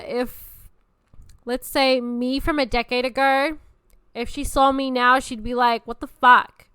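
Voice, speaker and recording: Blunt, bright-voiced young woman. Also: medium pitch, clean tone, no echo. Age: 20s. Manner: blunt, profane and animated. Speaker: podcast host. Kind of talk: casual chat.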